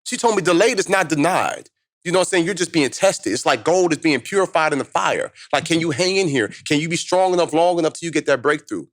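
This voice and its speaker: A man in his thirties, a motivational speaker, telling his life story in lively slang-filled conversation as a podcast guest. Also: on the high side, dry recording, clean studio sound. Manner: fast, animated street-slang storytelling.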